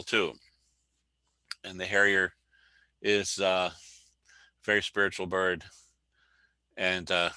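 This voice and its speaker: Man, very deep voice, bright tone, relaxed informal lecture, video call, dry sound. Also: no echo, rough recording. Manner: relaxed and explanatory, with pauses. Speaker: speaker and author.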